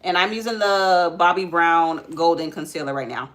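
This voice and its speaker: Here a young makeup vlogger and mother chats on a live stream, addressing viewers as guys and umming often while she works, interrupting herself to tell the kids to stop climbing on things. She speaks at a normal speed in a fairly low, slightly bright voice.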